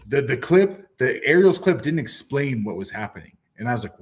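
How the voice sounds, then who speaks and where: A man co-hosting a combat sports podcast, chatting casually in a relaxed, agreeable way and laughing as he talks. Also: mid-range voice, moderate pace, few pauses. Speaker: podcast co-host.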